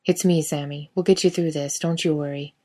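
Woman doing a weary big brother in a storybook reading, short fed-up lines, lowish voice. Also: steady tone, a little fast, mellow. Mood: reassuring. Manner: terse, exasperated. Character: gruff protective older brother, adult man.

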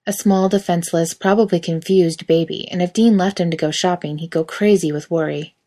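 A woman reading a story aloud in steady, quiet narration. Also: fairly low pitch, a little fast. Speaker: reader.

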